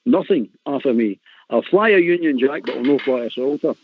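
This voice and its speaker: A man's voice: mid-range voice, expressive, a little fast, slight background noise. An older man with a Scottish accent, a panelist on a call-in show, talking bluntly and heatedly, hammering his points home. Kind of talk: heated casual chat. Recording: tinny phone-like line.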